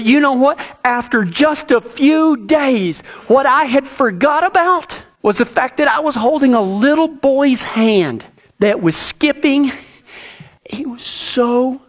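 A middle-aged man, preaching a sermon and telling a personal story in a folksy way, with many restarts. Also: sits high.

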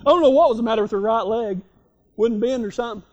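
A man's voice: very high-pitched, fast talker, a little mellow, dull audio. A man preaching a folksy sermon, telling stories with frequent restarts. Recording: long reverb of a hall.

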